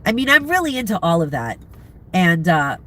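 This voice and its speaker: A middle-aged, congested woman chatting casually with viewers from inside a car, rambling and pausing to recall names. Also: on the low side, very animated, a bit bright, a little hiss or hum. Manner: rambling, chatty, searching for names, frequent laughs. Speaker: vlogger chatting with live viewers. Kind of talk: casual chat.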